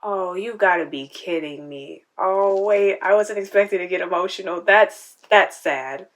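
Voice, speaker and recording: Low-voiced woman talking back at the screen. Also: fairly even intonation, normal speed, soft background music. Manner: chatty, talks back at the screen. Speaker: reaction video host. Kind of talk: casual reaction commentary.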